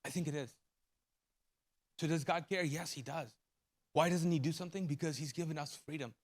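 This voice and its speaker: A man's voice: fairly high pitch, fairly quick. A man in his forties preaching a live sermon as pastor, telling a story with his voice swelling and dropping. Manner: emotional storytelling, voice rising and falling. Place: church auditorium.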